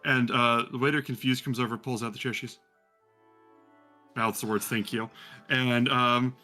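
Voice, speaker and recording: A man's voice: medium pitch, level tone, moderate pace, bright, forceful tone, faint music behind. A man narrating as game master in a rambling, casual way with many fillers.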